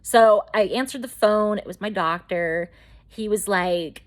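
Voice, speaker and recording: A woman's voice: mid-range voice, a little slow. A woman vlogger telling her own story in a chatty, rambling way with lots of fillers. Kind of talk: casual storytelling to camera.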